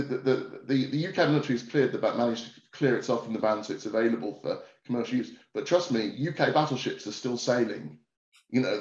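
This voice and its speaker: A man's voice: medium pitch, darkish tone. Assured man on echoey, dull audio. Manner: assured and explanatory. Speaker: panelist. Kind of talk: webinar panel discussion.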